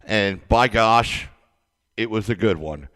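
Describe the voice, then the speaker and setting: A man's voice: on the low side, takes it slowly, fairly bright tone. Hyped-up male wrestling podcast host. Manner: hyped, playful and sarcastic. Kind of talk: casual wrestling podcast chat.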